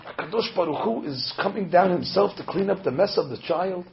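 A man, a rabbi, preaching a sermon with animated storytelling, acting out the voices he quotes. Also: high-pitched, fairly quick, vocal fry. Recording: dull lo-fi recording.

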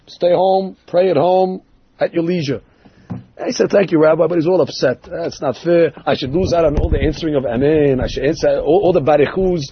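A man teaching a sermon on Torah stories, acting out the dialogue of the people in them with lively changes of voice. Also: on the high side, a little hiss or hum. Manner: animated, acts out dialogue in the stories. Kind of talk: sermon with storytelling. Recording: dull lo-fi recording.

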